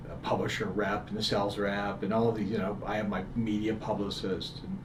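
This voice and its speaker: A middle-aged man, appearing as a guest author, tells a story in conversation and animatedly acts out the people in it. His voice is fairly low and fairly quick. The room is echoey, with faint ambient noise.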